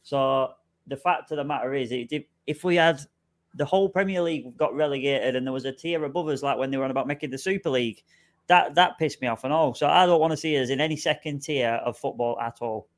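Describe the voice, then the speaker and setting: A man's voice: medium pitch, quick pace. A man co-hosting a football podcast, giving blunt opinions and swearing casually. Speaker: podcast co-host.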